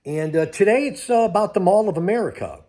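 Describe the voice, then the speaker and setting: A man's voice: high-pitched, lively intonation, fast talker, dark tone. An older man, a crypto vlogger, talking casually to his viewers in a rambling way that keeps losing its thread. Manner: rambling, loses his train of thought. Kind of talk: casual travel vlog.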